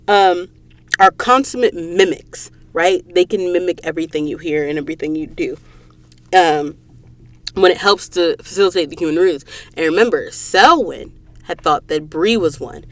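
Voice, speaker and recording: An unhurried woman with a voice on the low side hosts a casual book recap podcast from a recording booth with a studio mic. She retells the story with heightened emotion and drama, speaking directly to those listening.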